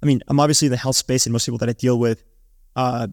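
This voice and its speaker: A man's voice: medium pitch, fairly even intonation, fast talker, a little mellow, no echo, studio quality. A man who hosts a podcast, giving casual advice in a chatty way, often restarting and filling with likes and ums. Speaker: podcast host.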